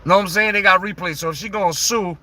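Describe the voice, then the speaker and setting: A young adult man ranting about wrestling in loud, profane, mocking commentary. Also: high voice, fast talker.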